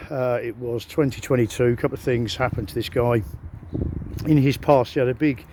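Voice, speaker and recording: A man's voice: mid-range voice, mellow, a little hiss or hum. A middle-aged man, talking to his phone camera in a casual, rambling monologue full of hesitations and self-mocking humor. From England. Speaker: vlogger.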